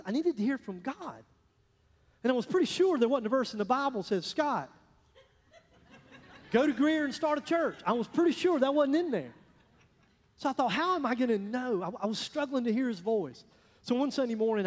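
A pastor preaching a sermon, telling stories in a folksy way, swinging between loud bursts and hushed asides. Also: male voice, sits high. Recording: echoey hall, long reverb.

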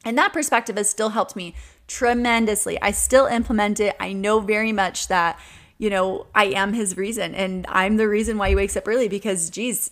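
In a mid-range, fairly bright voice, a woman in her 20s who hosts a podcast muses aloud in a relaxed monologue. She comes across as sincere and talkative, with frequent laughter and filler words.

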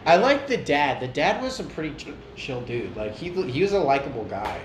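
A young man chatting casually with his siblings, playful and quick to laugh. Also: medium pitch, big pitch swings. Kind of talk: casual chat. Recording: echoey room with faint noise.

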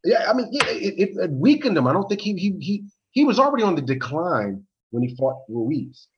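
A man co-hosting a podcast, talking boxing in casual, animated storytelling with frequent restarts. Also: sits high, fairly quick, lo-fi sound, background noise. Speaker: podcast co-host. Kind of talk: casual sports chat.

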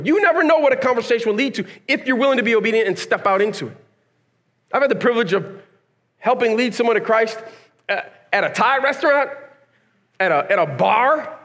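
A man's voice: high-pitched, expressive, normal speed, a bit bright. A male pastor preaching a sermon in a casual, conversational way, firing rhetorical questions at the congregation and acting out bits of dialogue as he tells stories. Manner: conversational, acts out quoted dialogue; casual slang, storytelling.

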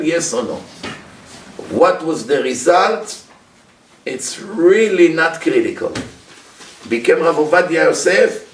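A man with a slightly high voice preaches like a storyteller, firing off rhetorical questions. He was recorded from a distance in a reverberant room. There is a faint hiss underneath. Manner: animated storyteller, rhetorical questions, acts out characters. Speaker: religious teacher. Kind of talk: sermon-style Torah talk with storytelling. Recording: echoey room, mic from far off, faint hiss.

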